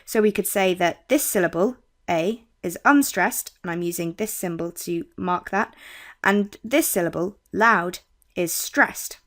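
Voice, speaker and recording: A young woman with a British accent, tutoring on poetry in a clear, measured way. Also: lowish voice, a bit bright. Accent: British English. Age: young adult. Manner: clear, measured teaching with quoted lines read slowly. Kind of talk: explaining poetry terms.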